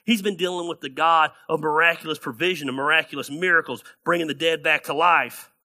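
A man preaching a sermon as pastor, animated and acting out the people in his Bible stories. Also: fairly high pitch, a little fast.

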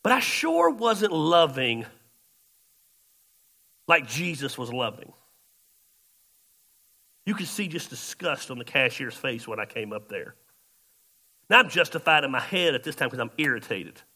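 A man preaching a sermon through a long personal story. His voice is gravelly and bright, and it jumps from quiet, muttered asides to sudden loud exclamations. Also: medium pitch, sing-song, a little slow, long pauses. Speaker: pastor.

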